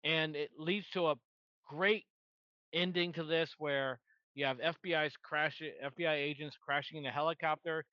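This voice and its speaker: A man's voice: on the high side, steady tone, moderate pace, no echo, muffled recording. A man co-hosting a podcast, chatting casually about a movie in a laid-back way. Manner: laid-back, laughs often, swears casually. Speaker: podcast co-host.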